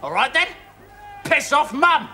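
An actor playing a rude, aggressive young punk student who shouts insults in a sitcom. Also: male voice, very high-pitched, sing-song, a little slow, heavy background noise, full character voice. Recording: TV sitcom with loud audience laughter.

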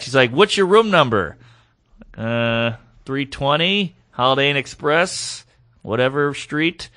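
On a podcast, a guest comedian tells a comic story at a measured pace in a medium-pitched voice. He animatedly acts out the quoted lines, switching between different voices.

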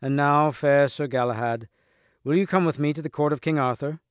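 A man voicing a noble, gracious knight who speaks in a measured, courteous way, in a storybook reading. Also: a little high, smooth, dry recording, clean studio sound, lightly acted. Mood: solemn.

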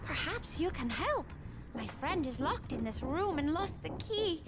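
A woman's voice: high-pitched, very animated, a little slow, very noisy. An actress voicing a fretful woman in a video game, pleading for help in a chatty, exasperated way. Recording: game audio with loud ambience.

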